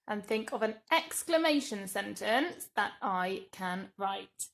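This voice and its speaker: An English woman, a primary school teacher, giving a recorded grammar lesson to young children in a slow, clear, patient way. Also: mid-range voice, animated, a bit bright. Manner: slow, clear, patient explaining with drawn-out example words.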